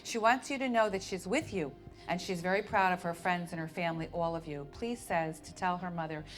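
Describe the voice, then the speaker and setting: A woman working as a spirit medium, giving readings to an audience in a warm, coaxing way and calling people honey and sweetheart. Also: on the low side, brisk, faint music behind.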